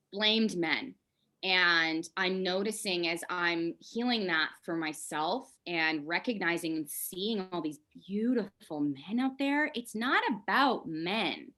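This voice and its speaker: Candid, animated woman talking openly. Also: on the low side. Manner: candid, animated, swears casually. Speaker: podcast guest. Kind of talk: casual conversation.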